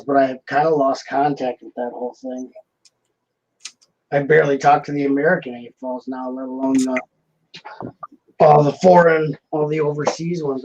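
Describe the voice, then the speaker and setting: A man hosts a live building stream, chatting and joking with a slightly high voice. He reads out viewer comments as he goes. Faint noise and clicks sit behind him. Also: darkish tone, muffled recording. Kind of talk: casual chat while building.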